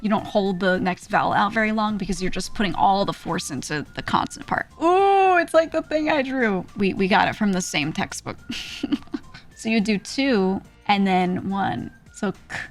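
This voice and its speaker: A woman streaming a casual Korean lesson, talking easily and sounding out each vowel and consonant as she goes. Her voice sits at a medium pitch, and faint music plays behind her. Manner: chatty, explains sounds by demonstrating them.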